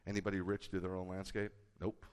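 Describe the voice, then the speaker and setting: A man, a rabbi, preaching a sermon with a conversational manner and bursts of loud, emphatic delivery. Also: low-pitched, fast, smooth. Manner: animated, rising to loud emphatic peaks. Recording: hall with long reverb.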